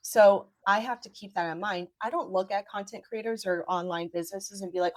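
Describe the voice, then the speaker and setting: A woman attorney, a podcast guest, giving legal advice in a steady run of points. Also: mid-range voice, fairly quick, dry recording. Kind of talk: podcast interview.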